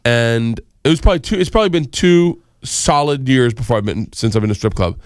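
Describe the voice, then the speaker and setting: A man's voice: lively intonation, brisk, no echo, clean studio sound. Laughing, rambling male comedian on radio. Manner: rambling, laughing, jumps high for quoted voices. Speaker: comedian guest. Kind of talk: casual radio interview storytelling. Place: radio studio.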